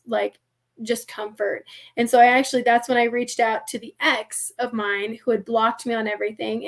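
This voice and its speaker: A young woman with a somewhat high voice tells a personal story as a podcast guest. She speaks casually and animatedly, using "like" heavily and acting out the voices of people she quotes.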